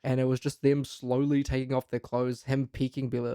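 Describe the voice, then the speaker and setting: A man's voice: medium pitch, little pitch movement, brisk, dark tone, clean tone, no echo, studio quality. Blunt, profane man reviewing a film. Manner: blunt, profane, mocks with put-on voices. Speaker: podcast co-host. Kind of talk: casual film review chat.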